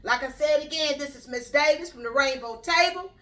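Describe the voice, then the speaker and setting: A woman's voice: sits high, fairly quick, sharp tone, distant mic. A middle-aged woman hosting her own vlog channel, speaking bluntly and rambling straight to her viewers. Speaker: YouTube channel host. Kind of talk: casual opinion vlog.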